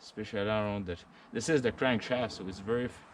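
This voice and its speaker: A middle-aged man with a French accent, explaining a hands-on chainsaw repair in a halting way, with many fillers and restarts. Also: on the low side, slight background noise. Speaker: vlogger.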